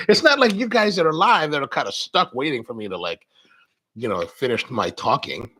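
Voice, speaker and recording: A man's voice: medium pitch, animated, fairly quick, pushed and bright, slight background noise, low-quality recording. A middle-aged man hosting a coffee channel, rambling casually through a live-stream chat while he unboxes a package. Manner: rambling, chatty storyteller.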